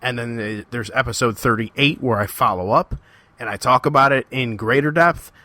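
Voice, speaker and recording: A man's voice: mid-range voice, moderate pace, pushed and bright, no room sound. A man hosting his own podcast, talking alone in a heated, confrontational rant with repeated, emphatic phrasing. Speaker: podcast host. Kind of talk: solo podcast monologue.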